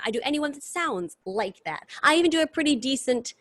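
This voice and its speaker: A woman singer and impressionist, guest in a casual interview, talking in long, animated answers with restarts over a video call. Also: on the high side, normal speed, few pauses, dry recording.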